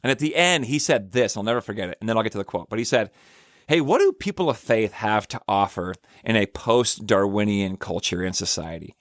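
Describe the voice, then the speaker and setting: Speaking briskly and expressively in a fairly low voice, a man who is a church minister hosts his podcast from a clean studio with no echo. He rambles through a casual, reflective monologue, earnestly telling stories and often starting over.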